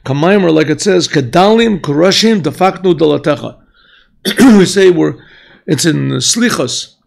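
A rabbi teaching a class, asking questions, mixing in Hebrew phrases and often clearing his throat. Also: on the high side, animated, normal speed. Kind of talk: yeshiva class lecture. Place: yeshiva classroom.

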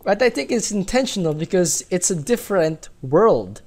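A man's voice: high voice, big pitch swings, normal speed, darkish tone. A man from the Philippines casually commentating a game, chatty and giggly, reading the game's text aloud. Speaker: gaming let's-player.

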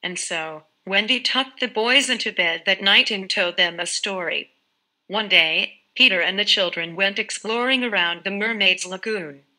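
Bright-voiced woman telling a bedtime story. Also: mid-range voice, moderate pace, rough recording. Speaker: narrator. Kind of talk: scripted children's story narration.

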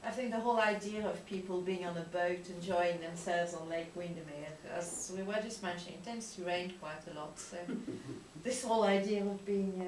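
A woman actress talking about filming at a Q&A, unhurried and trailing off. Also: on the low side, a little mellow, slight background noise. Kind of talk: casual Q&A talk. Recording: echoey room from far off.

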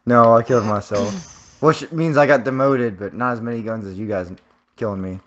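A man's voice: medium pitch, moderate pace. A young man chatting casually while gaming, teasing his friends and laughing a lot. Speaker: gamer. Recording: dull lo-fi mic.

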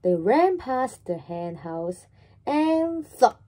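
A woman reading a children's story aloud in a slow, animated, sing-song way. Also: a little high, a little hiss or hum.

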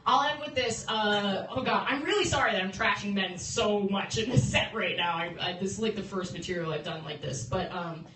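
A young woman doing a stand-up comedy set in a club, chatty and quick to laugh, often restarting her sentences. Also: mid-range voice, fairly bright tone. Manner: chatty, self-interrupting, laughing between jokes. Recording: roomy, distant phone stream with background noise.

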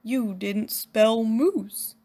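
A woman voicing a clumsy, friendly young male moose who talks in a slow, earnest, literal way. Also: a little high, warm tone, full character voice.

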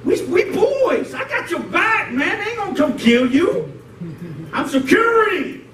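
A male preacher voicing an excitable male disciple who talks loud street slang, higher than his own voice. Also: a little slow, exaggerated voice. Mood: excited. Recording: roomy hall, distant mic, noisy.

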